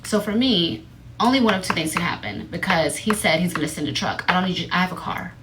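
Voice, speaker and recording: A woman livestreaming, telling a story to her viewers in a blunt, profane, animated way, often into a phone mic. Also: fairly low pitch, fast, noisy background. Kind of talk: casual storytelling to a live audience.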